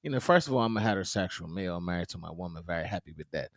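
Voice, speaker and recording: Lively man telling a story. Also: low voice, very fast, gravelly, no room sound, studio quality. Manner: animated storyteller, quotes people in his own voice; loose slangy talk with frequent "you know what I'm saying". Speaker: podcast co-host. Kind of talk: casual chat.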